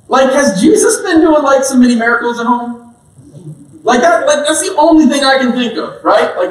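A high-voiced man preaching a casual sermon in a chatty, joking way, full of fillers and asides to the listeners. His voice rings in a roomy church hall and sounds a bit distant from the mic. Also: fairly bright tone. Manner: chatty, joking, lots of "like" and "all right?".

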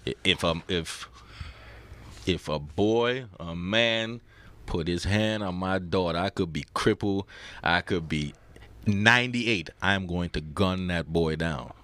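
Low, bright-toned emphatic man. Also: a little slow. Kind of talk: heated casual debate.

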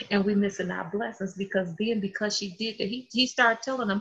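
Animated woman preaching a sermon. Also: fairly high pitch, a little fast, hardly any pauses. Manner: animated, acts out quotes in voices. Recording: dull lo-fi sound.

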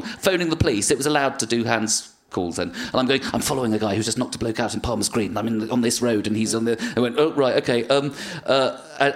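An English man, a comedian guest, telling rambling, self-mocking stories with many hesitations. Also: medium pitch. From England. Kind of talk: casual comic anecdote telling.

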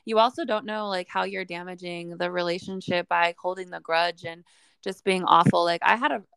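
A woman's voice: lowish voice, steady tone, moderate pace, gravelly, fairly bright tone, clear, resonant tone, no room sound, studio quality. A young woman hosting a podcast, talking in a casual, blunt way and swearing freely. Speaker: podcast host. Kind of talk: casual chat.

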